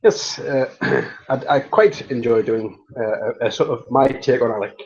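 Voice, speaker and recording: A man's voice: medium pitch, unhurried, a little mellow. Guy rambling on a livestream, jokey, laughs a lot, muffled lo-fi sound. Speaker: livestream host. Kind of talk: casual livestream chat.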